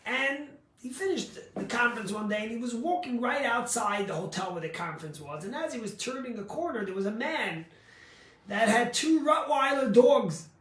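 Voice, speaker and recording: A man, a rabbi, giving a sermon and telling a story, emphatic and rising to near shouts on his key points. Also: very high-pitched, expressive, moderate pace, echoey room.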